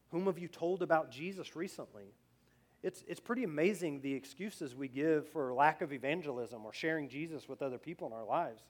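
A pastor preaching a conversational sermon. He often restarts his phrases and grows louder as he drives a point home. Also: medium pitch.

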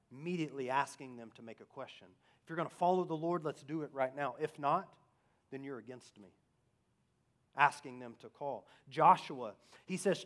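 A man preaching a sermon, asking rhetorical questions and swinging between loud emphasis and hushed asides. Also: mid-range voice, normal speed.

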